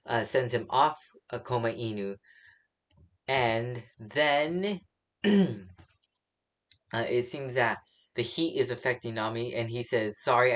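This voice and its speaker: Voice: mid-range voice, fairly bright tone. Comic chapter reviewer, casual recap, rambling, lots of fillers, self-correcting. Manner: rambling, many fillers, laughs at own slips. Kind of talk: casual spoken recap and opinion.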